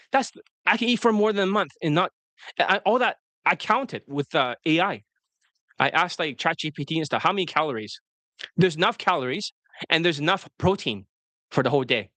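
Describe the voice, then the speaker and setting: A man's voice: fairly high pitch, sharp tone, dry recording. A man coaching students on dating in casual livestream talk, blunt and rambling, with frequent swearing.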